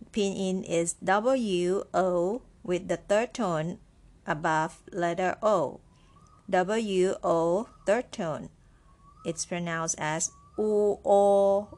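Slow, patient Chinese woman teaching. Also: lowish voice. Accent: Mandarin Chinese. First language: Mandarin Chinese. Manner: patient, repeats words slowly for learners. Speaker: Chinese language teacher, podcast host. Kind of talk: slow, clear podcast language lesson.

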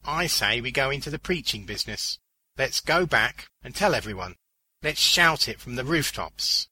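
A man voicing a wisecracking adult clown who talks in a lively, joking way. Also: medium pitch, slightly rough, pitched above the performer's own voice, exaggerated voice, rough recording. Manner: lively and quick with jokes.

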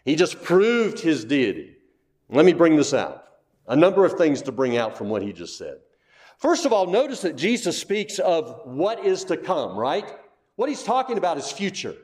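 A man's voice: on the high side, darkish tone. A man preaching a sermon to his congregation, emphatic, asking rhetorical questions and repeating key phrases. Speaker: pastor.

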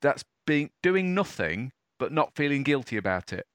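Chummy guy hosting, bright sharp voice, says mate a lot. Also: mid-range voice, very animated, normal speed, smooth, dry recording. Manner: chummy, keeps calling the other man mate. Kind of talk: casual chat.

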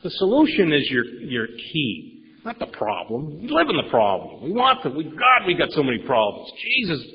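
A man's voice: fairly high pitch, wildly swooping pitch, normal speed, in a large hall. A man giving a rambling, emphatic personal recovery share at a meeting, repeating words and swearing casually. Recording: dull lo-fi recording.

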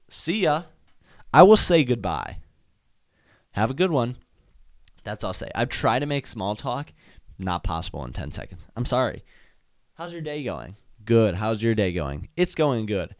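Young guy podcaster, super lively pitch, acting out everyone in his stories, dry close mic. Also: moderate pace, dry recording. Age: young adult. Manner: animated, acts out voices and sound effects. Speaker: podcast host. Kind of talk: comedic solo storytelling.

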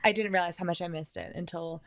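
A woman's voice: on the low side, steady tone, quick pace. A young woman from California, a podcast guest, telling stories in a casual chat with a self-mocking Valley Girl lilt.

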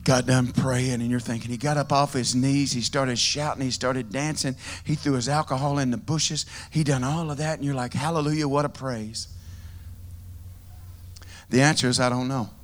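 A man's voice: medium pitch, fairly even intonation, moderate pace. A man preaching a heartfelt, conversational sermon to a congregation in church. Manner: earnest, heartfelt, conversational with repeated phrases. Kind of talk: storytelling sermon.

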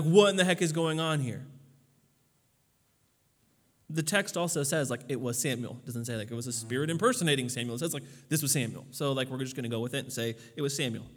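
A man's voice: fairly high pitch, sharp tone, in a large hall. A man preaching a sermon as pastor, talking casually with lots of fillers and building to emphatic peaks.

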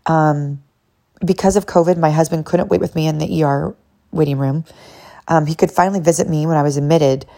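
A woman's voice: low-pitched, fairly even intonation, fairly quick, gravelly, dark tone. A woman hosting a personal faith podcast, talking candidly and reflectively, with frequent "like"s and bursts of laughter. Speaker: podcast host.

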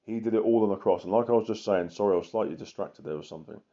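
A man's voice: lowish voice, rapid-fire, gravelly, dark tone. A man, an evangelist giving an impassioned sermon full of emphatic repetition. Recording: muffled lo-fi recording.

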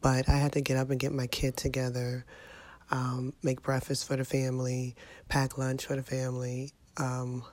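A woman's voice: a bass voice, darkish tone, no room sound. Sick, exasperated woman venting to viewers. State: sick with a sinus infection. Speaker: vlogger. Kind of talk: casual vlog monologue.

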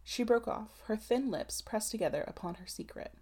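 A woman narrating a classic novel in a measured, literary audiobook reading. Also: medium pitch, expressive, darkish tone, slightly rough.

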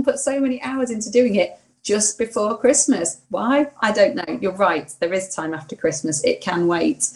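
A woman's voice: mid-range voice, moderate pace, few pauses. A woman co-hosting a podcast in casual chat, laughing and self-deprecating. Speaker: podcast co-host.

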